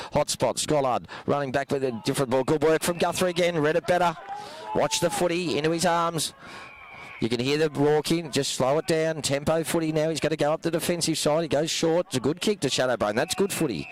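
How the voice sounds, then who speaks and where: A fairly high-voiced Australian man calls a local football match play by play, his voice going hoarse. He runs through the action at a steady clip and climbs into loud, excited shouts when goals go in. He commentates from an outdoor ground. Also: a little hiss or hum, poor audio.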